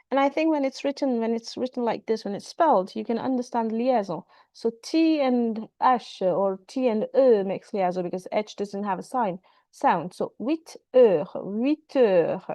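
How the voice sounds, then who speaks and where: Over a video call, a woman teaches an online French class, repeating phrases and moving between French and English. Her voice sits on the high side and sounds mellow, with no echo.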